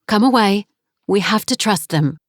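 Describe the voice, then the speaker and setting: A woman's voice: medium pitch, expressive, moderate pace, no room sound, clean studio sound, voice pushed up, natural voice. A woman voicing a worried, divorced middle-aged mother who speaks in a tense, clipped way.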